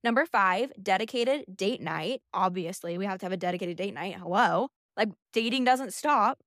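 A woman's voice: medium pitch, expressive, normal speed, fairly bright tone, no echo, clean studio sound. A young adult woman hosting a casual monologue podcast, chatty and emphatic with a sassy edge. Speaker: podcast host.

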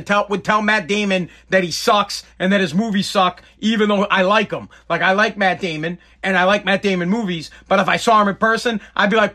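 A man with a high, bright voice riffs on whatever comes to mind. His delivery is blunt and chatty, with quick jokes and asides. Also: steady tone. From Boston, New England. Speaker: vlogger. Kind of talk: casual rambling monologue.

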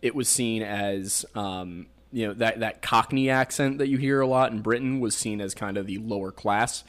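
A man's voice: lowish voice, moderate pace. A young man with a Pennsylvania accent, hosting a podcast and explaining folklore in a rambling, joking way full of fillers. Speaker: podcast host. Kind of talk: casual chat.

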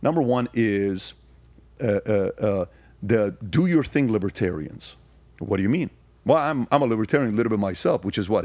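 Low-voiced man, emphatic podcast guest. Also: lively intonation, moderate pace, a little mellow, no echo. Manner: grows emphatic and rhetorical, firing questions; frequent fillers and restarts. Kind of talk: casual conversation, storytelling.

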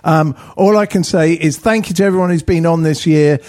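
A man's voice: on the high side, fairly quick, a little mellow. A man with an English accent hosting a casual football podcast, joking and laughing often. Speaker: podcast host.

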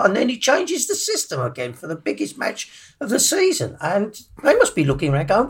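A man's voice: high-pitched, wildly swooping pitch, brisk, few pauses, a bit bright, breathy edge. A man in a casual football chat, earnest and questioning as he weighs up the team's choices. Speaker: football pundit.

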